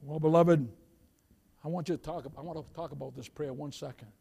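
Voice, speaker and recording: High-voiced preaching man. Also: fairly even intonation, vocal fry. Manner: builds to loud preaching climaxes, calls for amen; reads scripture slowly in King James wording. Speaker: pastor. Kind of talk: sermon.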